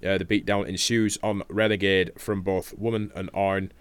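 A young man talks through wrestling matches in loose, casual chat, throwing in swear words and quick laughs. His voice sits a little low and the sound is dry and close to the mic, with no room around it. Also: little pitch movement, clear, resonant tone, no room sound. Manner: laughs often, swears casually, trails off with ums. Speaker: podcast co-host reviewing wrestling.

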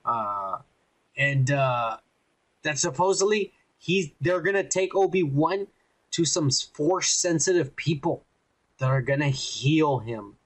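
A man's voice: a little high, expressive, slow. Rambling, profane man on a podcast. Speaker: podcast co-host. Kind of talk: casual chat.

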